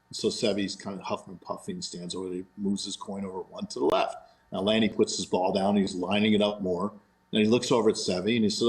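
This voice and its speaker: Animated male storyteller, lower voice. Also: fairly quick, low-quality recording. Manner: animated storyteller, laughs often. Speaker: guest golfer in a played clip. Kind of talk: anecdote telling.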